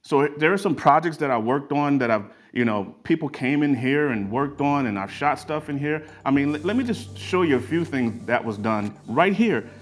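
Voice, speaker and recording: A man's voice: mid-range voice, lively intonation, moderate pace, hardly any pauses. A man telling folksy parable-like stories as a motivational talk, in a garage converted into a studio. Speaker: creative studio owner. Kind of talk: motivational storytelling.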